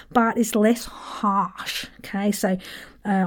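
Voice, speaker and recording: A woman's voice: medium pitch, normal speed, dark tone. Chatty woman giving a lesson. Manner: chatty and playful, self-deprecating with frequent laughs. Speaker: voice and accent coach, podcast host. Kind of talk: casual podcast accent lesson.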